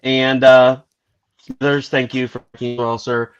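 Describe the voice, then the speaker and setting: A man hosting a casual livestream chat, thanking backers and plugging crowdfunded projects in a hurried way. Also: mid-range voice, flat delivery, clear, resonant tone, dry recording, muffled recording. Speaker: podcast host.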